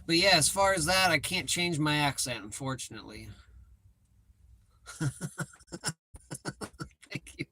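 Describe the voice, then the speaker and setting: A man in a live chat, talking at a slow, easy pace with a bright, forward tone. He rambles and swears freely, and he pokes fun at himself. The sound is dry and close, with no room around it. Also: a little high, animated, dry recording. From United States. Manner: rambling, profane, self-mocking. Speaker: livestream host.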